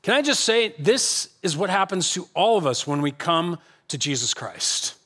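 A male pastor preaching a lively sermon to a church congregation, acting out quotes with animated shifts in voice. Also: fairly high pitch, normal speed, breathy edge. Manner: animated, acts out God's voice and quotes.

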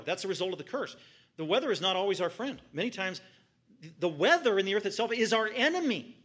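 Bright-voiced emphatic preaching man. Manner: emphatic, repeats phrases for stress; swings between loud peaks and quiet low stretches. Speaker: pastor. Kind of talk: sermon.

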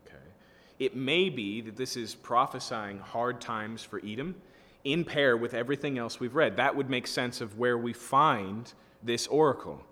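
A man's voice: medium pitch, moderate pace, fairly bright tone, in a large hall. A man teaching through scripture as a pastor, reading verses aloud and explaining them in a conversational way, often checking in with his listeners. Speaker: pastor teaching a Bible study. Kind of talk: expository sermon with scripture reading.

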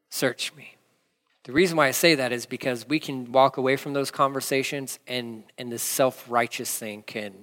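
A male pastor preaching a conversational, animated sermon with casual asides. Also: medium pitch. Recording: long hall reverb.

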